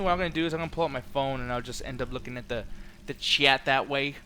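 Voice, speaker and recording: A man's voice: medium pitch, fast, a little hiss or hum. A man hosting a game stream, chatting casually and telling joking stories. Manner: animated, joking storyteller. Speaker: streamer host. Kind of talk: casual chat while gaming.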